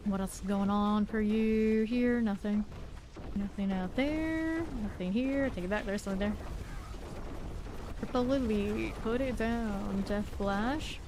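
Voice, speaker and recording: A woman's voice: medium pitch, a little slow, noisy background. A woman streaming a game live, chatting casually and narrating her moves with small laughs. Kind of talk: casual live gameplay commentary.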